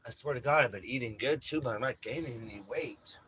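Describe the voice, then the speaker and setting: A man living in an RV, chatting casually to viewers on his phone outdoors, rambling and profane, swinging between loud hype and low mumbling. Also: fast talker, husky, no room sound, rough recording. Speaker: RV-living vlogger. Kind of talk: casual livestream chat to viewers. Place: outdoors around an RV by the beach.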